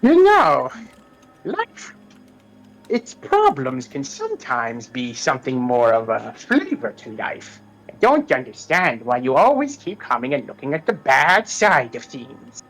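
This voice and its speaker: A man voicing a sly old woman who brews potions, in a sing-song, drawn-out, mocking manner. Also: medium pitch, huge pitch swings, a bit bright, faint music behind, full character voice, poor audio.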